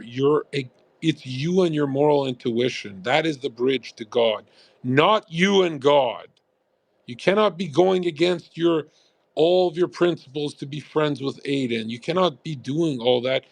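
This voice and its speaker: A man's voice: on the high side, creaky, no room sound. A man streaming live, ranting to his chat in a blunt, profane, rambling way. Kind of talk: casual livestream rant. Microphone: USB condenser mic.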